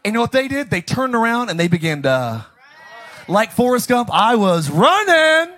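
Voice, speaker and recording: A man preaching a jokey, energetic Easter sermon as pastor, often bursting into shouts. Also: moderate pace. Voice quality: high, bright, animated preaching voice.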